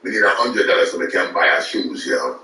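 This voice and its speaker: A Jamaican corner hustler, as a man puts him on, drawls out his requests and caps each phrase with "yo". The voice sits low and forceful. It echoes around the room from a distance. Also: animated, brisk, full character voice. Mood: pleading. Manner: drawling, ends every phrase with "yo". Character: Jamaican street hustler man begging for money.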